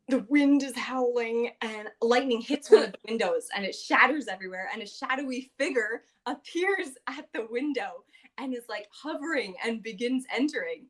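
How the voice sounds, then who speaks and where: A woman with a fairly high voice tells the story of a tabletop game session. She talks casually and chattily, with lots of fillers, and acts out quotes along the way. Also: a bit bright. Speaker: podcast host recapping a tabletop game session.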